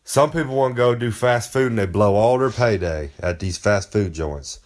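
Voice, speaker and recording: With a fairly low, animated voice at a moderate pace, a wrestler offers tongue-in-cheek advice. His monologue is boastful and folksy, rambling as he refers to himself in the third person.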